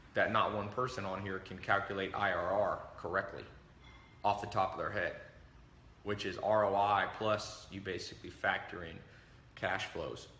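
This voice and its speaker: A man hosts a livestream, talking brashly to his viewers and slipping into the voices of the people he quotes. His voice is bright and forceful and sits a little low. The room around him sounds echoey, with a faint background hiss. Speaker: livestream host. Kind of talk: motivational talk to a live audience.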